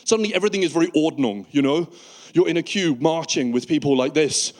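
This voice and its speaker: A man from the UK doing a stand-up comedy routine on stage, animated and acting out panicky characters in sudden high bursts. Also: quick pace. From United Kingdom. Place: comedy stage before a live audience.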